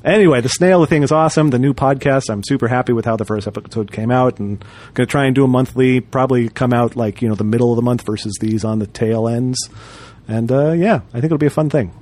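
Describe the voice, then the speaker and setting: A man's voice: mid-range voice, fast talker, darkish tone. A man co-hosting a podcast, chatting casually with lots of fillers and restarts. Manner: rambling, many fillers and restarts. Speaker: podcast co-host. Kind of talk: casual chat.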